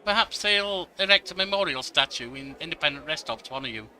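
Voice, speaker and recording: A man's voice: on the high side, expressive, quick pace, sharp tone. A man reading a scheming noblewoman's lines aloud in a sweetly threatening manner. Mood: sugary threat. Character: scheming noblewoman, sugary and menacing.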